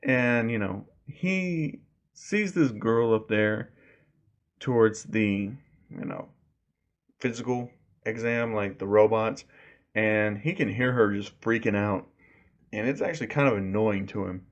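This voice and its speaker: A man's voice: on the low side, takes it slowly, dull audio. A man casually retelling a fan story, rambling with lots of fillers.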